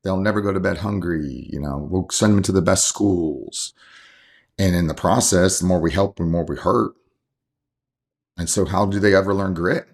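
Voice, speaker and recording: Casting: man, 40s, deep gravelly voice, earnest heartfelt coach-dad in a relaxed interview. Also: moderate pace. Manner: earnest, heartfelt, rambling with restarts. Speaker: coach and father, podcast guest. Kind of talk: casual interview conversation.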